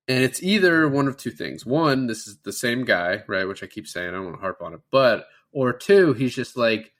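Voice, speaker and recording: A mid-pitched man in casual podcast chat, walking through a film scene by scene. He talks loosely and swears often, with an everyday speaking voice. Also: lively intonation, brisk, few pauses, a bit bright. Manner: loose, profane retelling of scenes. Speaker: podcast co-host.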